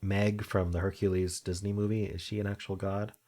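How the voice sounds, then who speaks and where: A man's voice: deep voice, flat delivery, a little fast, warm tone. A man thinking aloud while he solves a crossword, reading clues aloud and muttering half-sure guesses. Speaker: crossword-solving video host.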